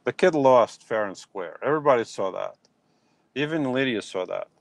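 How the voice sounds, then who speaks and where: A man's voice: medium pitch, normal speed, creaky, no echo. A man talking casually on a live stream from his phone, reacting and answering viewers' comments. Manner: animated, talks back to chat comments. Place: outdoors in a yard at dusk.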